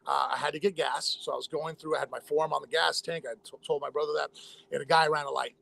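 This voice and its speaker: Fast-talking gravelly man. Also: a little high, flat delivery, fairly bright tone. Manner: rapid, rambling, many fillers and restarts. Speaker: interview guest, former fighter. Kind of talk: casual storytelling interview.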